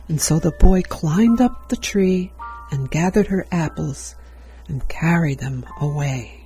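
A woman reading a storybook aloud in a gentle storytelling manner. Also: low voice, measured pace, soft background music.

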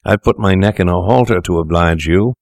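A man voicing a frightened young medical student in a story, hoarse and pleading, his voice cracking upward. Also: low voice, a little fast, darkish tone, dry recording, studio quality. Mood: aghast.

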